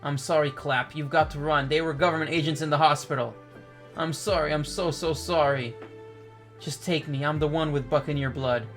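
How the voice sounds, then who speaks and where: A man reading out the lines of a grieving, gentle captive father from a comic. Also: a little high, fairly even intonation, moderate pace, soft background music. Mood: pleading.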